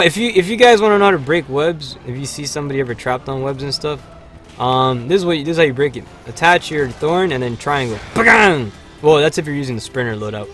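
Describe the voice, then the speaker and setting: A man hosting a livestream, chatting casually over gameplay with lots of fillers and sudden excited shouts. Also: mid-range voice, creaky. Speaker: livestream host.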